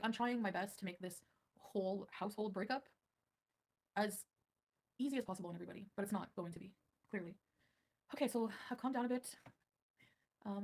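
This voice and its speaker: A woman's voice: mid-range voice, gravelly, breathy edge. A woman livestreaming, ranting defensively at her viewers and answering chat. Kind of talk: livestream rant.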